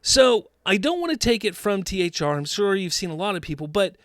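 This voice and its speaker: A man's voice: high-pitched, big pitch swings, a little fast, a bit bright, no echo, clean studio sound. A man hosting an opinionated commentary show, talking in an emphatic, sarcastic, mocking way. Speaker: host.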